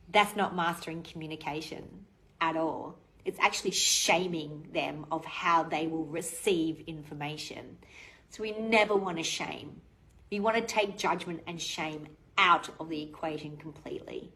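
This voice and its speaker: A woman in her forties with an Australian accent, a relationship coach talking casually to camera, blunt and animated, swearing freely. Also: fairly low pitch, moderate pace, rough recording.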